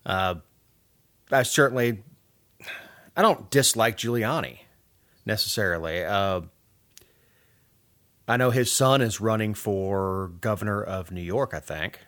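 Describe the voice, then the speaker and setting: A man's voice: fairly low pitch, expressive, a little slow, pauses often, fairly bright tone. Sarcastic rambling male co-host. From Georgia, US. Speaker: talk show co-host. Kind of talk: casual political chat.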